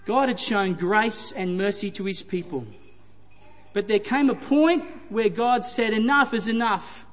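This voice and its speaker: A high-voiced man delivers a sermon, leaning on repetition for emphasis. His voice carries a long hall reverb around it. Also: expressive, measured pace. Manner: retelling scripture with emphatic repetition. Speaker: preacher.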